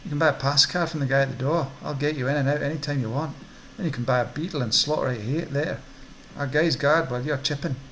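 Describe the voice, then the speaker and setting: A man's voice: a little high, steady tone, fast, few pauses, a bit bright, a little hiss or hum. A man voicing a twitchy male orc drug dealer with a Scottish accent and wheedling salesman patter. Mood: jittery.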